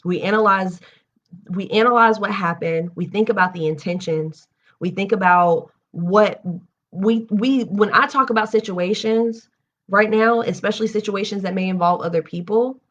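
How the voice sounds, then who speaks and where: Young woman, livestream host, reads aloud, candid lively asides, mid pitch, slightly muffled audio. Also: moderate pace. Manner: animated and candid, breaks off reading into personal asides. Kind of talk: reading aloud and casual chat.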